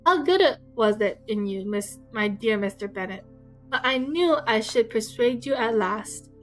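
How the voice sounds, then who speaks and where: A woman voicing a fretful, excitable middle-aged mother, complaining in a shrill, fussy way. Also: moderate pace, faint music behind, lightly acted, rough recording. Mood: fussing.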